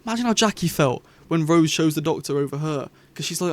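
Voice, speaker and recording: A man's voice: fairly high pitch, lively intonation, fast talker, no echo. Chatty young man vlogging. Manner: rambling, chatty and enthusiastic. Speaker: YouTube host. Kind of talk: casual vlog review.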